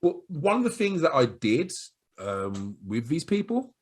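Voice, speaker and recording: A middle-aged man with a Black Country accent giving chatty sales advice to camera, now and then acting out quick voices of callers and of himself. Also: fairly high pitch, very animated, slightly rough. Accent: Black Country English. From Black Country, England. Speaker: sales trainer.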